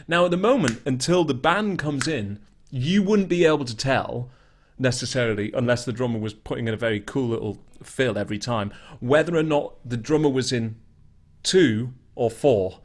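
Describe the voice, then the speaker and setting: A man's voice: medium pitch, moderate pace. A man teaching an online beginner guitar lesson in a chatty, explaining way. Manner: chatty, explains while scatting rhythms.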